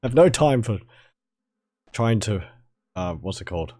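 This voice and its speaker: Hoarse, mildly Australian male gamer. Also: lowish voice, animated, normal speed, dark tone, no room sound. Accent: mild Australian. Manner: chatty, rambling, talks to chat viewers. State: hoarse, fading voice. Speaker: streamer playing a video game. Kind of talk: casual live-stream game commentary.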